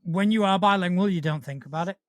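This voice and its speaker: A man from Spain co-hosting a podcast who talks in a casual chat style, pausing and restarting often. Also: sits high, no room sound, studio quality. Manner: hesitant, with many restarts and fillers. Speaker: podcast co-host.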